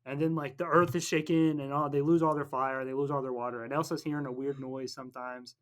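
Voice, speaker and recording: A man on a podcast casually recapping a film, rambling and jokey, tossing in quick snatches of character voices. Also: mid-range voice, level tone, a bit bright. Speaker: podcast co-host.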